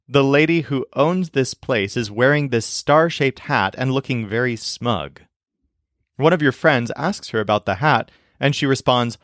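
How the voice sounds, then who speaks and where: Male teacher voice-over, clear measured delivery, dry studio sound. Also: medium pitch, fairly bright tone, no room sound. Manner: clear, measured explanation with slow model phrases. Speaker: language teacher. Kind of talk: scripted lesson narration.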